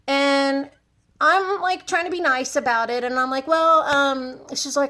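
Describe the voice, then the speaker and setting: A woman vlogging to camera, telling a story in a chatty, animated, rambling way with asides. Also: sits high, moderate pace.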